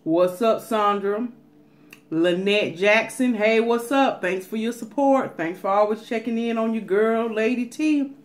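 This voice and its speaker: A woman from Atlanta, chatting casually to her viewers in a mukbang vlog, animated and talkative, sometimes dropping to a whisper. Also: on the high side, measured pace. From Atlanta, USA. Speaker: mukbang vlogger.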